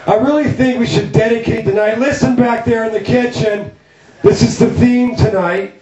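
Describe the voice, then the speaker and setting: A man's voice: extremely high pitch, fairly even intonation, normal speed, darkish tone. A middle-aged man from Canada hosting a comedy night, talking in a rambling, profane, self-mocking way with lots of fillers. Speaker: comedy show host. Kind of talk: stand-up style intro monologue. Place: loft art studio with live audience. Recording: distant, roomy, dull lo-fi camera audio.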